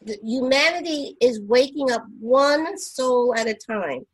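A woman's voice: sits high, expressive, a little slow, breathy edge, low-quality recording. A woman hosting a spiritual radio talk show, speaking heartfelt and emphatic, with frequent stumbles and restarts.

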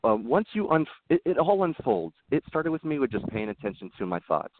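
A man's voice: fairly high pitch, very animated, a little fast, slight background noise. A man talking as a podcast guest, telling personal stories in a rambling, earnest way with frequent restarts. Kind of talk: casual interview storytelling. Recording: tinny phone-like line, dry.

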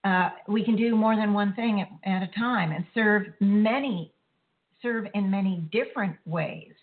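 A woman's voice: medium pitch, a little slow. A woman hosting a spiritual talk show, speaking earnestly in a rambling way that circles back and corrects itself. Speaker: host. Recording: tinny phone-like line.

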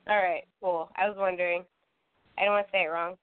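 A woman guest in a casual podcast chat, giggly and relaxed, swearing now and then. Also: lowish voice, fast, clear, resonant tone. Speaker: guest, YouTube horror host. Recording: tinny phone-like line.

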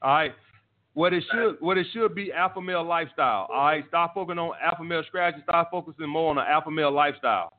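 A man's voice: fairly high pitch, quick pace. Profane, blunt man on a tinny line. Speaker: dating advice host. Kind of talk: live call-in show, answering listener messages.

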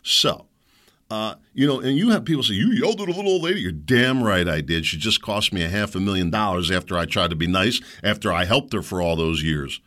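A middle-aged man on his own show delivers a heated, indignant monologue about a story, putting on voices to ridicule others. His voice is low-pitched and sharp, moving a little fast.

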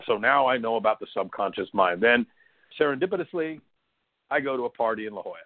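A man's voice: mid-range voice, fast, no room sound, narrow, tinny audio. A middle-aged man from San Diego, a hypnosis trainer, telling stories chattily as a guest, laughing now and then, with lots of fillers. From San Diego, California. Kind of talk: conversational storytelling interview.

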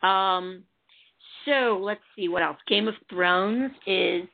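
Over a tinny, phone-like connection, a Chicago-area woman on a TV review panel chats casually in a mid-range voice with vocal fry. She speaks slowly, rambling and often starting her sentences over.

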